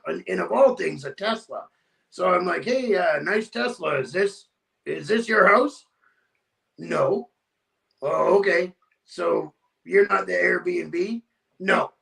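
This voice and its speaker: A man's voice: high-pitched, gravelly, recorded from a distance. A man guest telling a long story casually and acting out the dialogue with energy. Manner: animated, acts out the dialogue in his story.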